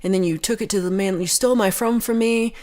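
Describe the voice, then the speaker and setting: Woman putting on a shrieky mad lady yelling at the librarian, high and loud. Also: quick pace, lightly acted. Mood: furious. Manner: shrill, indignant ranting. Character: angry woman shouting in a library.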